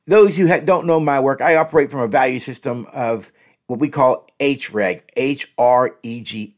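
A man hosting an instructional podcast, talking straight to his listeners as folks and repeating each example phrase twice. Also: medium pitch. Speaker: podcast host and relationship coach.

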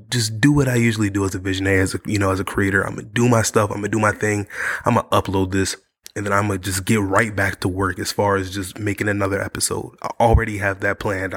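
Sick and tired, a man hosting his own podcast talks earnestly to camera, repeating himself in a casual monologue. His lowish voice is a bit bright, picked up by a studio mic.

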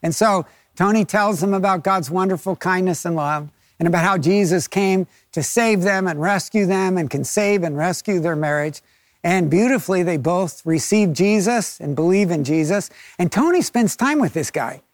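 A man preaching a sermon, telling a story in a lively way and acting out the people in it. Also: high voice, moderate pace, no echo. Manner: storytelling, acts out quoted voices. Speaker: pastor.

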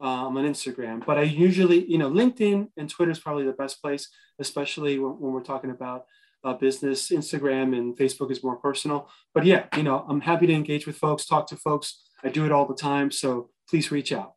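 A man's voice: a little high, fairly quick, rough recording. A man speaking as a podcast guest, giving earnest motivational advice with frequent hesitations. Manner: earnest, motivational, many fillers and restarts. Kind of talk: interview conversation.

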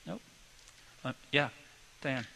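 A middle-aged pastor giving a sermon, telling family stories in a relaxed conversational way and acting out lively quoted voices. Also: male voice, mid-range voice, slow pace, creaky, slight background noise, low-quality recording.

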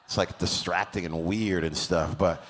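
A man's voice: low voice, fairly even intonation, normal speed, a little hiss or hum. A man preaching a sermon as pastor, telling stories casually and building to emphatic preaching.

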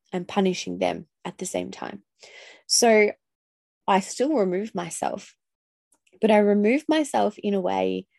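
Casting: frank, funny mum podcaster, a slightly gravelly woman, dry close sound. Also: fairly low pitch, no room sound. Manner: candid, swearing, laughing, acts out yelling. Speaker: podcast host. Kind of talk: casual solo podcast monologue.

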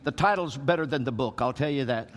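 A man preaching a sermon to a congregation, rising to emphatic peaks and drawing out slow, weighty phrases. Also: mid-range voice, long reverb tail, noisy background. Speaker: pastor.

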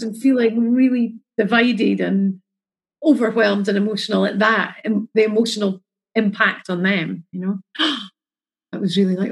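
A woman's voice: mid-range voice, steady tone, normal speed, breathy edge, low-quality recording. A middle-aged woman, chatting emotionally about her experiences as a mother and acting out the voices of the people in her story. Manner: chatty, emotional, acts out quotes. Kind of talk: casual storytelling.

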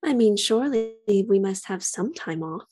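A woman's voice: medium pitch, expressive, moderate pace. A woman playing a tabletop role-playing game, speaking in a dry, playfully formal manner. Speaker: player. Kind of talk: in-character tabletop play.

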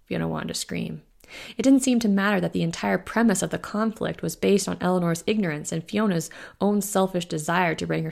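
A woman author reading her own novel aloud in a steady, measured audiobook narration. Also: fairly low pitch, vocal fry.

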